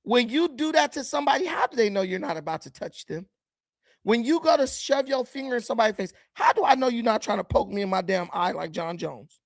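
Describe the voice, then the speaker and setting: A man's voice: extremely high pitch, expressive, brisk, vocal fry, no echo. A man giving blunt, combative commentary while reacting to video clips, often mocking the people he watches. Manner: blunt, combative and mocking, with sudden swings in loudness.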